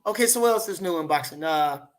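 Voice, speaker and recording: A man hosting a live boxing talk show, reading the chat aloud and trash-talking loudly with plenty of profanity. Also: a little high, lively intonation, fast.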